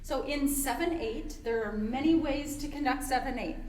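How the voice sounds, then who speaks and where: Lady giving a choir conducting lesson, slightly high voice, roomy echo, faint background hum. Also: moderate pace, few pauses, a little mellow. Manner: explanatory, demonstrates vowel sounds, many fillers. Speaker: choir conductor and workshop presenter. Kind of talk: webinar teaching.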